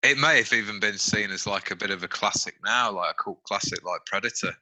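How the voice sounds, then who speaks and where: A man's voice: fairly low pitch, a little fast, pushed and bright, rough recording. A man co-hosting a podcast, chatting casually in an easygoing, agreeable way. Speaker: podcast co-host.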